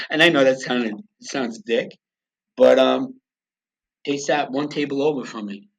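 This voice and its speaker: A man's voice: medium pitch, normal speed, vocal fry. A middle-aged man from the United States, a podcast guest telling a personal story in a blunt, profane, emotional way. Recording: dull lo-fi sound.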